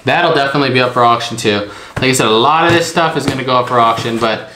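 A man's voice: mid-range voice, fast. A man hosting a casual vlog about items from a storage unit, talking in a rambling way full of hedges and "like". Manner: rambling, hedging with lots of "like". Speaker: storage unit reseller host. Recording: echoey room with faint noise.

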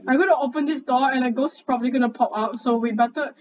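High-voiced, excitable young woman gamer. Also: fast. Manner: excitable, chatty, bossy banter; swears casually. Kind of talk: gameplay commentary with a friend. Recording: dull lo-fi mic, faint background noise.

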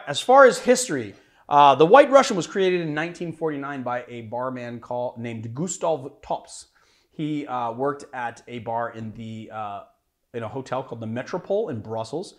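A man hosting a casual cocktail show, chatting in a rambling, hedging way about a drink's history. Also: mid-range voice. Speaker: bartender host.

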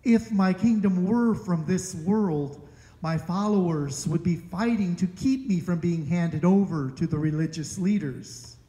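A man reading scripture aloud at a worship service, slow and deliberate. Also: high voice, dark tone. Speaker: scripture reader. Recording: echoey church with long reverb.

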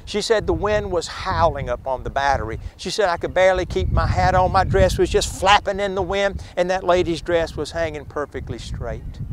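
Male ghost-tour guide, slightly high voice, theatrical storyteller, recorded outdoors with faint background noise. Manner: dramatic retelling, acting out quoted speakers.

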